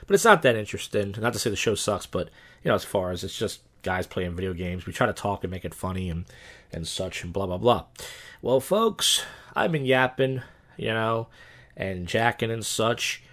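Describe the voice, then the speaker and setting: A man hosting a casual podcast, reading odd news stories aloud and riffing deadpan jokes with lots of fillers and restarts. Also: fairly low pitch, normal speed. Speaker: podcast host. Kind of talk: casual comedic news rundown.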